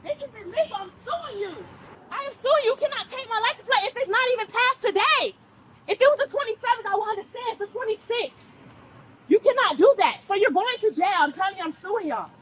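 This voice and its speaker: A woman's voice: very high-pitched, lively intonation, a little fast, fairly bright tone. A woman being arrested at a roadside traffic stop, arguing with police in an agitated, insistent way and repeating herself, recorded on an officer's body camera outdoors. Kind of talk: heated argument with police. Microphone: police body-worn camera.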